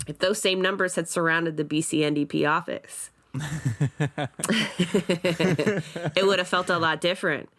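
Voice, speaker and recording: A woman's voice: low voice, unhurried, long pauses, fairly bright tone. A woman hosting a political podcast, speaking directly and posing pointed questions. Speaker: podcast host. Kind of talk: casual political discussion.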